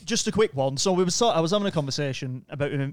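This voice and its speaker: A man's voice: a little high, very fast, dry recording, clean studio sound. A man with a British accent, a podcast co-host telling stories in casual chat, laughing often and acting out voices. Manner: animated storyteller, laughs often, acts out voices.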